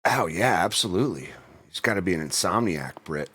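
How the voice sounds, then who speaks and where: A man's voice: deep voice, animated, brisk, fairly bright tone, slightly rough. A man co-hosting a podcast in laid-back casual chat, laughing often. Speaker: podcast co-host.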